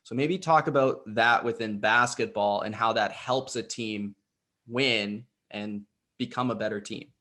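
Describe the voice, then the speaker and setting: A man's voice: fairly low pitch, measured pace, bright, forceful tone. A man co-hosting a sports podcast, asking the guest a loose, conversational question. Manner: asks questions, restarts phrases. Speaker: podcast co-host. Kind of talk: casual interview chat.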